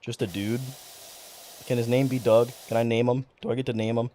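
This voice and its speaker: A man's voice: medium pitch, fairly quick, slight background noise. A young man chatting casually on a livestream, rambling, cursing freely and getting worked up as he talks. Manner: rambling, profane, excitable. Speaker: streamer.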